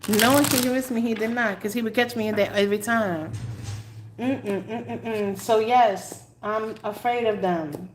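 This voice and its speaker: Animated New woman telling stories. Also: a little high, normal speed, a little hiss or hum. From New York. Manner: animated storyteller, laughs often, dramatic asides. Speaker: tarot reader. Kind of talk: casual live-stream chat.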